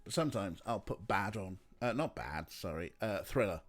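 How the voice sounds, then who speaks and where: Rambling low-voiced male streamer. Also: expressive, normal speed, soft background music. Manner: rambling, chatty, lots of fillers. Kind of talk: casual let's play chat.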